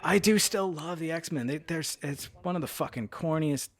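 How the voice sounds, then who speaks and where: A man's voice: on the high side, moderate pace. A man co-hosting a casual podcast, giving rambling, opinionated takes. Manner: rambling and opinionated, lots of fillers and restarts. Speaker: podcast co-host.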